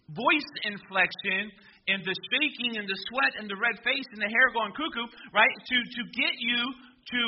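A man preaching a sermon as pastor, talking conversationally and rising to loud, emphatic stretches. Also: sits high, breathy edge, muffled recording.

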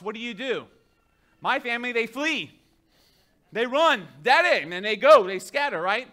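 A man's voice: high voice, pushed and bright. A middle-aged man preaching a sermon, chatty and keeps asking the congregation questions. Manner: conversational, asks the congregation questions. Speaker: pastor.

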